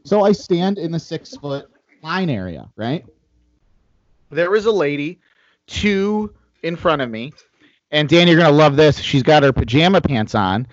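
A man's voice: a little high, expressive, a little slow, dry recording, highs cut off. A man co-hosting a casual chat, telling a profane story and acting out the quotes. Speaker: podcast co-host.

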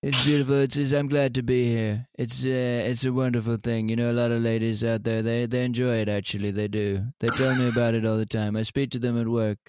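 A man's voice: mid-range voice, little pitch movement, fairly quick, few pauses, a little mellow, smooth, voice pushed down, close to an everyday voice. A man putting on an impression of a boastful older male president, rambling and repeating himself.

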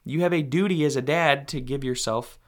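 A man's voice: mid-range voice, brisk. A man hosting a podcast, giving earnest, direct advice to fathers in a conversational monologue. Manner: earnest, direct, speaks to fathers in second person. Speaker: podcast host.

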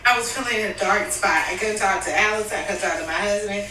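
A woman's voice: medium pitch, fast, bright, forceful tone, a little hiss or hum. A woman telling a personal story in a candid, emotional family conversation. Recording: echoey room, mic at a distance.

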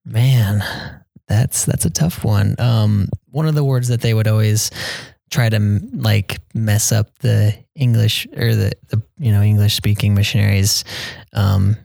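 Soft-spoken young man with a gravelly voice. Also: lowish voice, fairly even intonation, unhurried, no room sound. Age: young adult. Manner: soft-spoken, hesitant with many ums, quotes people in a raised voice. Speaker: returned missionary guest. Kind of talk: casual interview.

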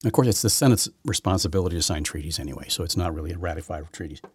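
A man's voice: low voice, expressive, racing, darkish tone, husky, dry recording, studio quality. A man hosting his own podcast, giving rambling, opinionated solo commentary full of restarts and repeated words. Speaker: podcast host.

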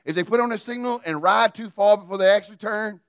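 A man's voice: high-pitched, quick pace, clean tone, no echo. A man preaching a sermon in a folksy, humorous storytelling way. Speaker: pastor.

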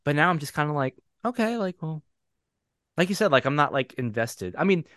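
A man's voice: on the high side, animated, fast talker, fairly bright tone, dry recording, studio quality. A man co-hosting a podcast, chatting casually and rambling, with lots of "like" and restarts. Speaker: podcast co-host. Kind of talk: casual chat.

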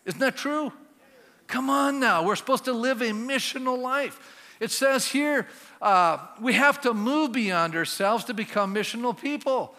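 Animated pastor preaching. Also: male voice, very high-pitched, unhurried, big-room sound. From Canada. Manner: animated, conversational, asks the congregation questions. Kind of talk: sermon.

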